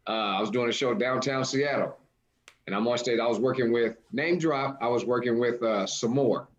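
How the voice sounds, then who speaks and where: A man's voice: medium pitch, moderate pace, dull audio. A man, a stand-up comedian, casually recounting a story about a heckler. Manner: lively, acts out other people's lines. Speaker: comedian co-host.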